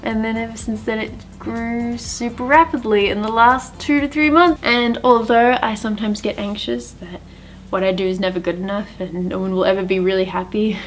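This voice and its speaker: A woman, narrating her streaming career in a chatty, upbeat, self-deprecating way. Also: fairly high pitch. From Australia. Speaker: streamer and YouTuber. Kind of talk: casual vlog narration.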